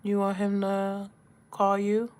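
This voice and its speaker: A woman's voice: medium pitch, completely flat delivery, slow pace, a little mellow, clear, resonant tone. A woman chatting casually with her livestream viewers while she does her makeup and reads comments aloud. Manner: laid-back, talks to chat, reads comments aloud. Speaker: livestream host.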